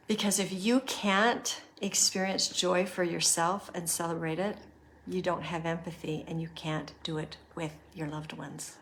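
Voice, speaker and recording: A woman's voice: fairly low pitch, vocal fry, slight background noise. A middle-aged woman hosting a podcast, earnestly guiding listeners through reflection and telling a personal story. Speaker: podcast host.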